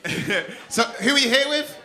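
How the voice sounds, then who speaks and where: A man's voice: sits high, moderate pace. A man doing stand-up crowd work on a comedy club stage, brash and teasing, swearing and laughing as he talks. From England. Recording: live club with loud crowd. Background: audience laughter.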